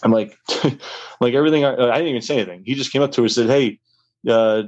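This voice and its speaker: A man's voice: medium pitch, rapid-fire, highs cut off. A young man telling a wild story in a casual, rambling way, full of fillers.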